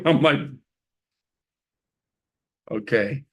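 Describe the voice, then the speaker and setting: Animated man telling stories, laughing. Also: fairly low pitch, moderate pace. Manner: animated storytelling, acting out dialogue with a laugh. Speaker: co-host, couples coach. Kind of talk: casual podcast chat.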